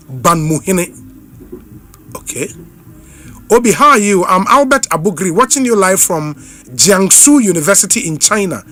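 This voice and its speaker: A Ghanaian man hosts a live radio show, his voice sitting a little high for a man. He runs briskly through listener greetings and switches easily between English and Twi. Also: a bit bright, slight background noise. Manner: reads out names and greetings briskly, repeats phone numbers slowly.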